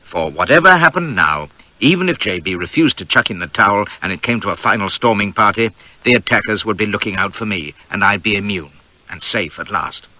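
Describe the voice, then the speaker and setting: A man's voice: fairly low pitch, expressive, a little fast, sharp tone, no room sound. A man reading a novel aloud in first person, with wry, vivid, swaggering storytelling. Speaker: audiobook narrator.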